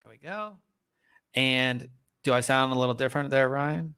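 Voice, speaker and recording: A man hosting a casual tech podcast, talking in a relaxed, rambling way with frequent ums and restarts, recorded on a studio podcast microphone. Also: medium pitch, normal speed, clean tone. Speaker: podcast host.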